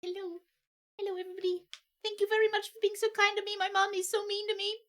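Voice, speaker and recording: Woman doing a sulky young female dog, high squeaky voice, whiny and mock-indignant, bright tone. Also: level tone, fast talker. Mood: mock-aggrieved.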